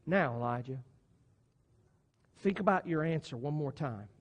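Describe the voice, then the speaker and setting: A man preaching a sermon, moving between soft, low passages and loud, emphatic ones. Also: expressive, a little slow. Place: church sanctuary. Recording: long church reverb.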